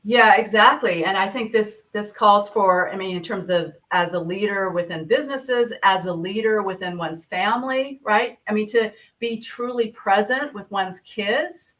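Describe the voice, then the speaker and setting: A woman talks in an easygoing interview. She warmly agrees with her conversation partner and reflects on what was just said. Her tone is thoughtful and supportive. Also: medium pitch, normal speed, hardly any pauses, far from the mic. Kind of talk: conversational interview about leadership.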